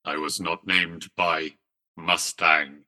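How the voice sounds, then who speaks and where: A man voicing a stiff, literal-minded male automaton who speaks flatly and formally. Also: rumbling low, exaggerated voice. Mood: deadpan. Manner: flat, slow, formal.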